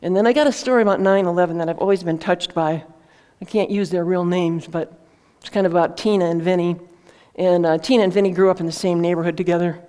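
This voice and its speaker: A woman's voice: lowish voice, steady tone, quick pace, hardly any pauses, mellow. A woman author telling a heartfelt story to an audience in an earnest, conversational way, with fillers and restarts. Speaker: author presenting her book.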